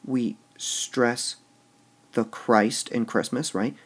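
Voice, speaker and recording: Slow, gravelly-voiced male teacher. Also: medium pitch, fairly even intonation. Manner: slow, stops to repeat words with shifting stress; says "all right" often between steps. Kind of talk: recorded lesson explaining poetic meter.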